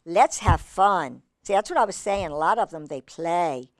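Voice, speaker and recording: A woman reading a picture book aloud to children, animated and exclamatory with chatty asides. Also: fairly low pitch, moderate pace, no echo, studio quality. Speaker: children's storyteller.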